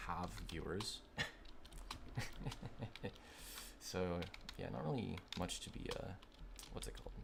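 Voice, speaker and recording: A young man streaming a game, talking casually and rambling with lots of fillers and quick irritation. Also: deep voice, creaky. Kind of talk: casual gaming stream chat. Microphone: desk microphone. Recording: noisy home mic with keyboard clicks. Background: keyboard clicks and typing.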